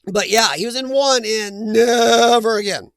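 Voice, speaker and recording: A man's voice: extremely high pitch, unhurried, gravelly, fairly bright tone, no echo. A man hosting a casual live chat, reading viewer names aloud and laughing often. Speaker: livestream host reading chat.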